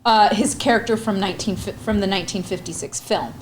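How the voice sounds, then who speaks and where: A young adult woman hosting a movie podcast, playful and animated, often laughing. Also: medium pitch, a little fast, a little hiss or hum. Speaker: podcast host. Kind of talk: casual chat.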